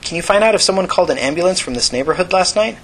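A man's voice: high voice, animated, racing, voice pushed up. A man voicing a streetwise, hot-tempered teenage girl in an audiobook, speaking curtly. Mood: flat. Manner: curt, sharp.

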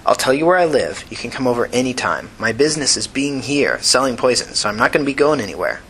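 A man reading a story, voicing a calm, shrewd young woman who sells poison, in a smooth, rich voice. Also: mid-range voice, slight background noise, rough recording. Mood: wry. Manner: unhurried, wry.

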